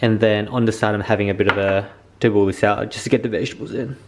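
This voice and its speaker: A young man with a fairly low voice talks his way through cooking in his home kitchen. He is chatty and excitable and swears freely, as though speaking to friends. He is recorded on a camera mic. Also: quick pace, noisy background. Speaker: vlogger. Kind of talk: casual cooking vlog.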